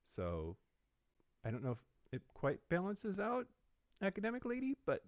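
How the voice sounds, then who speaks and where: A man co-hosting a podcast in a studio, reading news with wry, sardonic asides. His pitch moves around a lot as he talks. The sound is dry, with little room in it. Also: huge pitch swings, moderate pace, no room sound. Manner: wry, reads news quotes, frequent fillers. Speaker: podcast co-host. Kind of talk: casual news chat.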